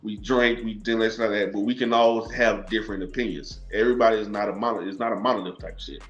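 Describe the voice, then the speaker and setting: A lower-voiced man with a Southern accent, a little tipsy, rambling loosely and cursing casually in bar-side podcast chat. The sound is dull and lo-fi, with faint music underneath. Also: steady tone, quick pace. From South Carolina. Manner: rambling, laughs often, swears freely. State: tipsy from drinking. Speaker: guest, movie reviewer.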